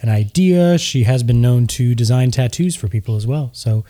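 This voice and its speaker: A man narrating a tabletop game as game master, in a relaxed, hesitant way. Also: medium pitch, normal speed.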